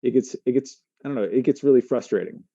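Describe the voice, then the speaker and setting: Very dark-voiced man, halting speech. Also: medium pitch, no room sound. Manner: halting, restarts often while working through feelings. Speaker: podcast co-host. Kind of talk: casual chat. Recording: muffled, dry.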